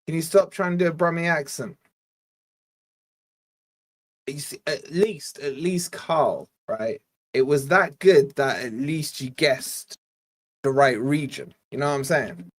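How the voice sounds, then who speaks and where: A man's voice: on the high side, unhurried. A man born in Scotland hosting a live football watch-along, giving casual play-by-play and bantering with his chat. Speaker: fan channel host.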